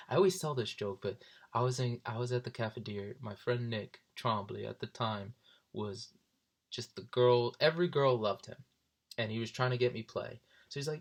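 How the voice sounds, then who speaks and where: A young man in his twenties, casually telling stories, often jumping into high voices for people he quotes. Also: normal speed. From South Jersey. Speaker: vlogger. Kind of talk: casual storytelling.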